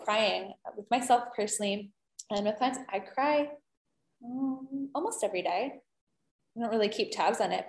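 A woman who is a holistic healing guest, chatting gently and effusively in a casual interview. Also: a little high, roomy sound. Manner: gentle, effusive, many "beautiful"s and "um"s.

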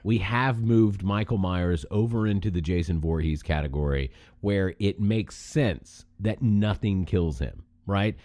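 A man's voice: sits low, a little slow, few pauses, no echo, clean studio sound. A man co-hosting a podcast in casual chat, telling stories with emphatic energy. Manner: animated, emphatic storytelling. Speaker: podcast co-host.

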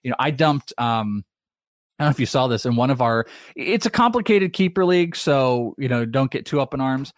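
A man in his thirties talking fantasy baseball in a loose, chatty way, firing off lists of player names and percentages. His voice sits at an ordinary middle pitch. The sound is dry and close, with no room around it. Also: expressive, a little fast, dry recording. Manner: chatty, rattles off names and stats. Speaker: podcast co-host. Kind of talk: casual fantasy baseball chat.

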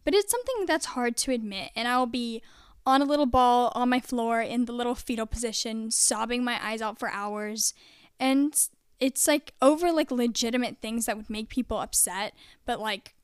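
A woman's voice: fairly high pitch, moderate pace, clear, resonant tone, no echo, studio quality. A young adult woman talking casually to camera in a confessional vlog, chatty and full of "like". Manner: chatty, peppered with "like". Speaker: vlogger.

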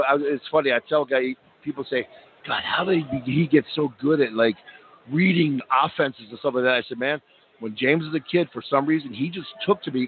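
A man in his fifties with a Philadelphia accent, chatting as a radio guest and acting out voices as he tells stories. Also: medium pitch. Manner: animated storyteller, acts out voices. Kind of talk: casual chat. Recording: tinny phone-like line.

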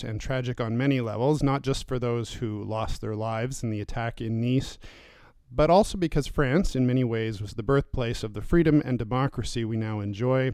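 A man hosting a political podcast from a newsroom studio, introducing guests with lively, jokey asides. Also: mid-range voice, clear, resonant tone, no room sound. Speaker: podcast host.

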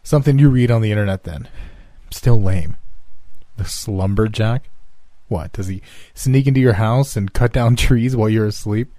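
A man's voice: mid-range voice, animated, warm tone, no echo, pitched above the performer's own voice. A man voicing a sarcastic young male friend who mocks and jokes. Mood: mocking. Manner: mocking and quick to joke.

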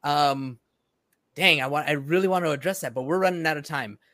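Guy hosting a talk, eager follow-ups, higher voice, dry close mic. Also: a bit bright, dry recording. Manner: engaged, quick, affirming. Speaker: podcast host. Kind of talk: interview conversation.

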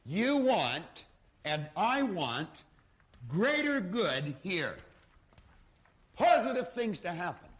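A man's voice: high voice, big pitch swings, slow pace, long pauses. A man giving a motivational lecture from a lectern, speaking emphatically and repeating his key phrases. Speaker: seminar speaker. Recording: dull lo-fi recording.

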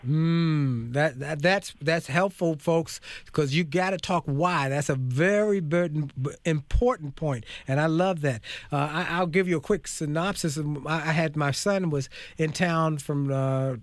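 A man in his fifties hosting a faith-based talk show, speaking in an animated, preachy way and calling out to his audience. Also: a little high, measured pace, hardly any pauses, dry recording. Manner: preachy, animated, calls out to folks. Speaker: host.

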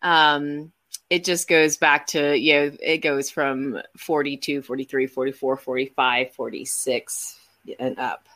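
A woman's voice: rumbling low, steady tone, a little slow, fairly bright tone. A woman co-hosting a casual chat, reading items from an article aloud with fillers and frequent laughs.

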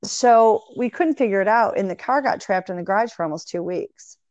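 A woman in casual conversation, telling long animated anecdotes full of quoted dialogue. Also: mid-range voice, brisk, no echo. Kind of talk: casual storytelling chat. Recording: dry, dull lo-fi sound.

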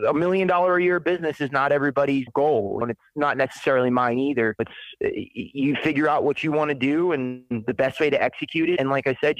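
Rapid, blunt man giving motivational business advice, dry recording with no room echo. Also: on the high side, fairly bright tone. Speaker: independent welder and business owner. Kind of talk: casual podcast interview.

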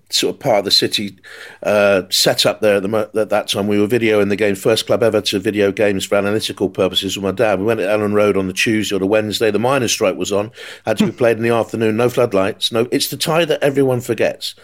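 Deep-voiced man telling football stories. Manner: animated anecdote-teller, mimics voices in his stories. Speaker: football podcast host. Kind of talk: storytelling chat.

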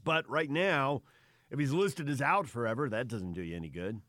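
A man's voice: mid-range voice, moderate pace, fairly bright tone, no room sound. A man with a mid-range voice co-hosting sports talk radio, laying out his analysis in a conversational way. A close mic gives him a dry studio sound.

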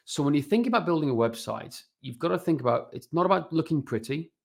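A man's voice: on the high side, animated, fast talker, gravelly. A man in his forties, a guest on a podcast, explaining website matters casually and animatedly, often checking in with "right?". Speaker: guest, fitness business and website consultant.

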